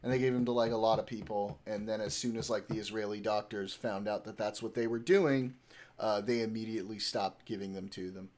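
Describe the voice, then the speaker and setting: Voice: mid-range voice, steady tone, brisk, background noise. A livestreamer in casual chat, heavy on fillers, who slips into cooing baby talk with a pet.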